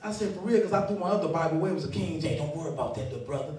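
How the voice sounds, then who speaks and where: A man's voice: fairly high pitch, very fast, a little mellow, slight background noise. A man doing a stand-up comedy set, telling loose, profane stories and laughing along. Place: comedy club. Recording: echoey club heard from a distance. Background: laughing audience.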